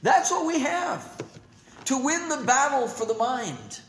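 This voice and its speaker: A man preaching a sermon as pastor, swinging from emphatic declarations to hushed, slow asides. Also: very high-pitched, very animated, echoey room, slight background noise.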